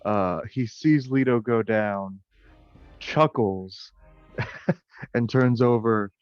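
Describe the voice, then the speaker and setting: A man playing a tabletop game, calmly describing his character's actions. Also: mid-range voice, slow, smooth, no room sound, soft background music. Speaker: player. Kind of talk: tabletop role-play. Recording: dry, muffled mic.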